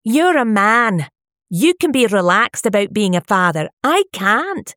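Distraught woman in her late thirties, high and tearful, pleading then shouting, read by a woman narrator. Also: big pitch swings, moderate pace, no room sound, clean studio sound. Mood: stubborn anguish. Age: 30s. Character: distraught woman of 37 desperate for a baby. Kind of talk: audiobook character voice.

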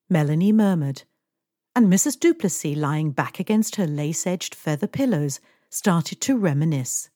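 A woman narrating a romance novel as an audiobook, measured and expressive. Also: deep voice, no room sound, studio quality.

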